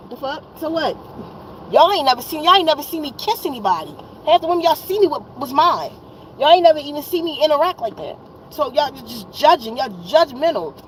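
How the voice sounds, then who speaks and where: A woman's voice: high-pitched, slight background noise, rough recording. A woman in her fifties venting to her viewers, tired and exasperated, blunt and profane, often repeating herself. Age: 50s. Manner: weary and exasperated. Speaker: wellness vlogger.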